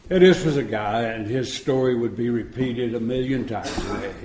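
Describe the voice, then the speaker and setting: Recorded live in a roomy setting, a man in his 70s speaks at a moderate pace in a darkish mid-range voice. He recounts his recovery to a meeting room, folksy and chuckling, acting out the dialogue as he goes.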